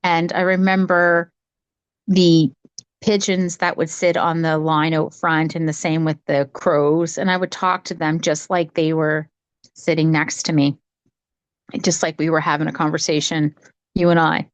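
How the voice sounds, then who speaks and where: A woman talking casually from home on a video call, telling a childhood story in a rambling, animated way with many restarts. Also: low voice, a little slow, clean tone, no echo. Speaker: psychic medium sharing her story. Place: home, cat nearby.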